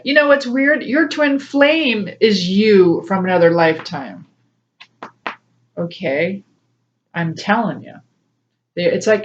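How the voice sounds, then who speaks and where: A woman's voice: fairly low pitch, dull audio. A woman, a spiritual coach, talking casually and personally to her viewers, laughing often and acting out voices when she quotes people. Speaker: spiritual coach and tarot reader. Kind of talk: casual personal talk to camera.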